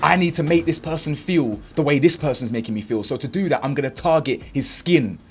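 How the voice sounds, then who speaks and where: A man's voice: on the high side, brisk, a little hiss or hum. A man doing fired-up reaction commentary, acting out what others said and using heavy street slang. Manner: animated and indignant, acts out quotes, heavy slang. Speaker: commentary channel host.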